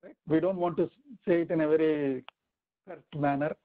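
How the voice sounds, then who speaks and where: A man teaching a weekly scripture class, explaining step by step with rhetorical questions and slow recitations. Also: a little high, steady tone, narrow, tinny audio. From India. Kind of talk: weekly online scripture lesson.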